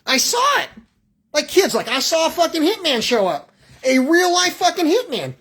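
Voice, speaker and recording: A man's voice: extremely high pitch, sing-song, normal speed, fairly bright tone. A man calling in to a radio show with a rambling, agitated, profane rant that jumps between thoughts and acts out little exchanges. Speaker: caller.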